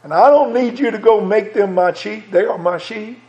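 A man preaching a folksy sermon, his voice high yet mellow. He hammers home phrases by repeating them. The recording sounds dull and lo-fi. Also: moderate pace.

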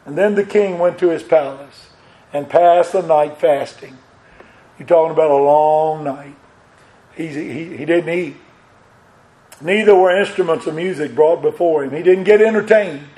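High-voiced preacher man, emphatic sermon. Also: measured pace, rough recording. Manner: emphatic, rising to loud peaks with repeated phrases.

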